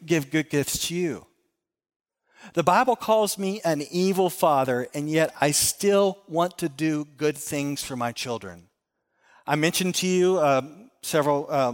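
A man preaching in an echoing hall. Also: on the high side. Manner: earnest, storytelling, with repeated phrases and restarts. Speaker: pastor. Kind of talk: sermon. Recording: long hall reverb.

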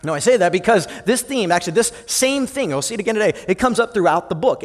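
A male pastor preaching a sermon in an animated way, swinging from loud and lively to soft and low. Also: fast, hardly any pauses. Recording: long hall reverb.

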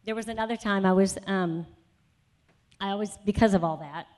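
Speaking at a conference session, this woman relates her own testimony as part of a sermon, in a medium-pitched, darkish voice at a moderate pace. She wanders through many asides in a chatty way and works up to a strong, emphatic conviction.

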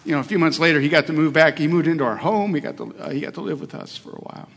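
A man's voice: fairly high pitch, animated, very fast, vocal fry, fairly bright tone. A middle-aged male pastor preaching a sermon, telling a personal story in an earnest way with hesitations and restarts. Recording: long hall reverb.

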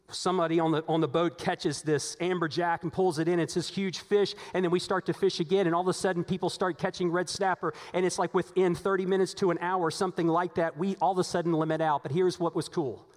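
A man preaching a sermon as pastor, telling stories animatedly, his voice climbing when excited. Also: a little high. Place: church sanctuary. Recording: long hall reverb.

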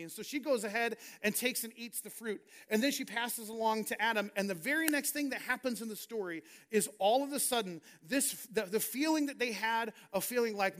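High-voiced man preaching a sermon. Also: a little fast, few pauses, a bit bright. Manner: earnest, reads scripture and paraphrases it in a conversational preaching tone. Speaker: pastor.

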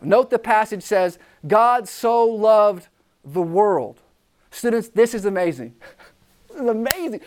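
A youth preacher giving an impassioned sermon straight to students, repeating key phrases and asking questions. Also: high-pitched. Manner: talks directly to the listeners, with questions.

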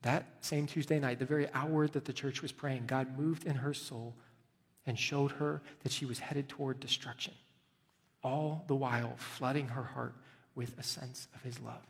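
A man, a pastor, preaching a sermon in a church, telling the story dramatically and moving between hushed and loud delivery. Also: mid-range voice, fairly even intonation, normal speed, gravelly, breathy edge, big-room sound. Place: church sanctuary.

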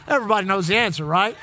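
A man's voice: sits high, bright, forceful tone, a little hiss or hum. A male pastor from Texas preaching a sermon, calling for amens from the congregation and repeating lines for emphasis.

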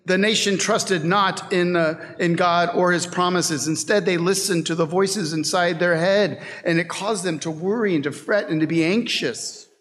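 A man preaching a sermon from the pulpit, with a voice that sits a little high for a man. He moves at an unhurried, deliberate pace and gives his readings a dramatic weight. His words ring out through a church with a long echo. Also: a bit bright. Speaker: pastor. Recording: long reverb of a church hall.

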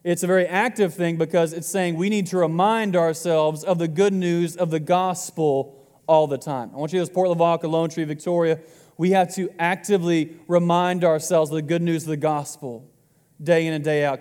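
A man's voice: on the high side, steady tone, normal speed, a little mellow, long reverb tail. A man in his twenties preaching a sermon to his congregation in a casual, joking way. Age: 20s. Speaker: pastor.

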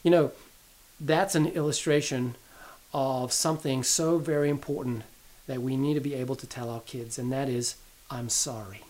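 A middle-aged man delivers a Bible teaching in an earnest sermon style, telling a family story to make his point. He returns to key phrases again and again for emphasis. His voice sits at an ordinary middle pitch. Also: steady tone, normal speed, a little mellow.

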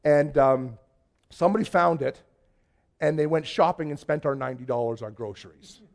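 Male pastor, slightly high voice, excitable storyteller in church. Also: moderate pace, gravelly. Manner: chatty storytelling, excitable, many restarts. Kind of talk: conversational sermon. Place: church before a congregation.

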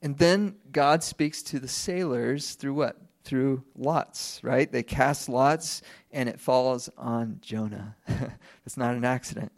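Guy in his 30s giving a sermon, chatty, lots of questions to the crowd, middle pitch. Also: slow pace, gravelly. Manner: conversational preaching with rhetorical questions and light laughs. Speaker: pastor.

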